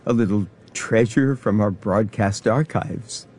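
A man hosting a radio program, delivering smooth scripted narration. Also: fairly low pitch, measured pace, a little mellow, a little hiss or hum. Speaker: radio host. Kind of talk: broadcast narration.

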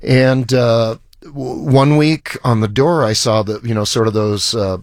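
A middle-aged man tells a long story at a studio mic, circling back and restarting his sentences as he goes. His voice sits mid-range for a man, recorded dry and close with no room around it. He sounds relaxed and conversational. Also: mid-range voice, measured pace, no room sound. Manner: rambling anecdotes with restarts and acted quotes. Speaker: musician guest. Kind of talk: casual storytelling interview.

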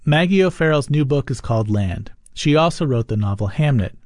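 A man's voice: medium pitch, expressive, brisk, darkish tone, no room sound. A man hosts a radio interview and asks plain questions in a conversational way. His voice sits in a middle register. The sound is dry and close.

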